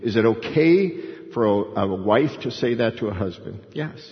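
A man's voice: on the low side, measured pace. Older guy pastor teaching scripture, acts out the voices, muffled, hall echo. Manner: animated storyteller, acts out voices. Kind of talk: bible study teaching. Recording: dull recording in a long-reverb hall.

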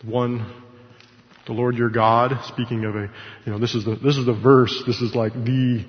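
A man's voice: medium pitch, little pitch movement, normal speed. Man teaching scripture in an echoey hall. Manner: conversational, with asides and self-corrections. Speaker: Bible study teacher. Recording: echoey hall, dull lo-fi sound.

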